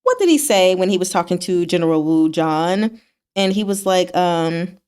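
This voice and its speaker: A woman casually recapping novel chapters for her book club, animated and laughing, acting out the characters' lines. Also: lowish voice, moderate pace, smooth.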